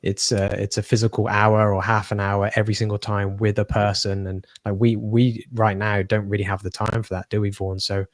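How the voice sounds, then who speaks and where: A man hosting a podcast, talking in a relaxed way and often repeating words as he finds his phrasing. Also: fairly low pitch, a little fast, few pauses, dry recording. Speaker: podcast host. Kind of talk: casual podcast conversation.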